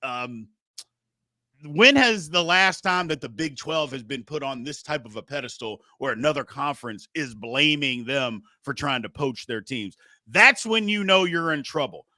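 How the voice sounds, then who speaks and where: A man's voice: mid-range voice, expressive, moderate pace, pushed and bright, dry recording. A male sports talk show host making heated, emphatic points with rhetorical questions.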